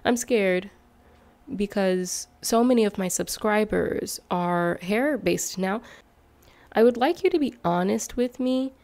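A young woman chatting casually to her viewers in a vlog. She talks in an animated way, swoops up in pitch on questions and asides, and laughs often between thoughts. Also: slow pace. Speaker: YouTuber.

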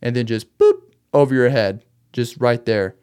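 Podcast host, male, mid-pitched and resonant, casual slangy storyteller for a laid-back faith show. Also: normal speed, darkish tone, smooth. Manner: loose, chatty storytelling with slangy asides.

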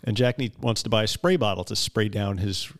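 A man in his fifties co-hosting a podcast, telling a story in a wry, unhurried way in casual chat. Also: on the low side. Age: 50s. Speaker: podcast co-host.

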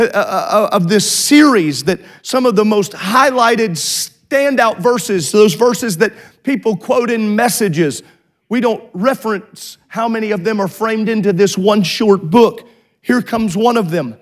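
A man preaching a fervent sermon in a church, stammering through restarts and rising to shouts. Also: high voice, lively intonation, measured pace.

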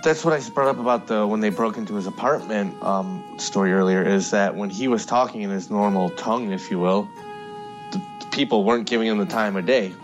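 A man in casual chat about a TV show, retelling anecdotes in a relaxed way. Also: fairly low pitch, a little fast, music in the background. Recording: dull lo-fi audio.

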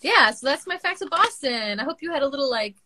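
A woman's voice: high-pitched, animated, fast, pushed and bright, slight background noise. Upbeat woman hosting a casual chat.

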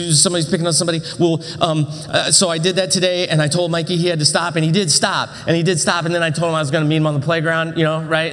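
A middle-aged man preaching with lively, dramatic storytelling, voice pitched a touch high. He restarts phrases and acts out moments as he goes. The sound rings with the long reverb of a church auditorium. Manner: animated, dramatic storytelling with self-interruptions. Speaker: pastor. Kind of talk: sermon storytelling.

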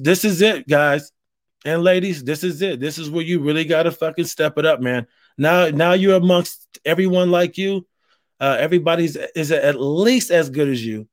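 A man's voice: a little high, no echo, clean studio sound. A man hosting a solo podcast, talking in a rambling, earnest and heartfelt way. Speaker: podcast host. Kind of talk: casual solo podcast monologue.

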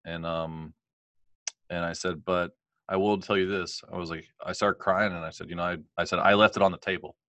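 Deep-voiced man telling his story. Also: level tone, normal speed, a bit bright, no room sound, muffled recording. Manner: candid, rambling storyteller who laughs often. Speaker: guest. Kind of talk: telling a life story in an interview.

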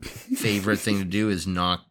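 A man's voice: deep voice, level tone, normal speed, fairly bright tone. A man running a tabletop game as game master, asking the players curious questions. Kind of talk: casual tabletop game chat.

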